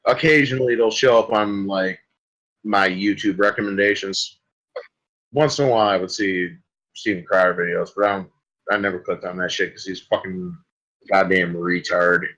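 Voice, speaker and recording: A man's voice: low voice, normal speed, fairly bright tone, rough recording. A man hosting a solo podcast, delivering a rambling, crude comic rant full of swearing. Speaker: podcast host.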